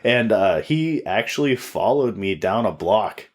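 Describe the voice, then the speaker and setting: A man's voice: fairly low pitch, lively intonation, unhurried. A man in his twenties, a comedian and podcast co-host, telling a story in casual chat, swearing freely and acting out quotes. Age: 20s.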